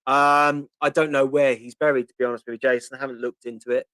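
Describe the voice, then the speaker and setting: A man in his fifties with a Portsmouth (Pompey) accent hosts a casual live-stream Q&A, chatting, answering viewer questions and reading comments aloud with plenty of ums. His mid-range voice moves little in pitch, his pace is quick, and the tone is fairly bright. The recording is dry.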